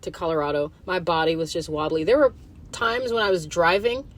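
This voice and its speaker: Lady podcaster talking solo, kinda low voice, cussing a lot, rambly and loose. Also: fairly quick. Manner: rambling and profane, full of fillers. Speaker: podcast host. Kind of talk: casual solo monologue.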